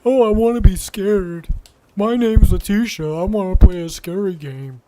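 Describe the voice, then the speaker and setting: Man doing a high, mocking girly voice, whiny scary-game fan. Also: normal speed, warm tone, faint music behind, natural voice. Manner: sing-song mocking. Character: whiny mocking girl who loves scary games.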